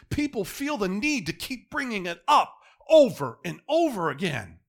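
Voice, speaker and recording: Middle-aged male preacher, animated sermon delivery, fairly high and lively pitch. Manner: animated, swinging between quiet asides and loud emphatic peaks.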